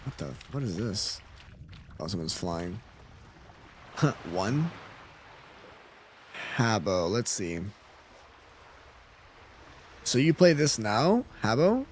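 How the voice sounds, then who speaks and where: A man's voice: on the low side, big pitch swings, very slow, pauses often, a little hiss or hum. Laid-back male gaming streamer. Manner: laid-back, chuckling, reads out chat messages. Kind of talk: casual live-stream chat while gaming.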